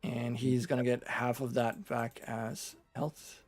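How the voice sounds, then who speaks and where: A man running a tabletop game as game master. He explains the rules step by step in a relaxed way. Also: mid-range voice, takes it slowly, soft background music. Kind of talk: narrating and ruling a tabletop game.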